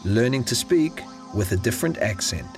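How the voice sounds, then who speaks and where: A man reading a scripted English listening lesson in a clear, measured way. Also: on the low side, very animated, over music. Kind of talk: scripted narration.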